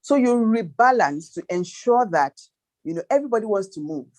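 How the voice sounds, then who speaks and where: Guesting on a panel chat, a woman who works as a financial planner hands out forceful advice at a moderate pace, listing figures and posing rhetorical questions. Her medium-pitched voice is animated and a little mellow.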